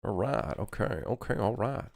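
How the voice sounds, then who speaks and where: A man's voice: fairly low pitch, animated, moderate pace, gravelly, no room sound. A young man, a native French speaker, casually chatting with his live-stream audience while building a game level, joking and rambling as he answers chat.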